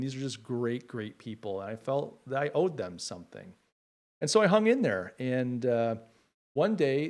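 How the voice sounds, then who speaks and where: A middle-aged man talks straight to his viewers on a casual home livestream. His voice sits at an ordinary middle pitch, and his speech is heartfelt and halting, full of small fillers. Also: a little mellow. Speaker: livestream host.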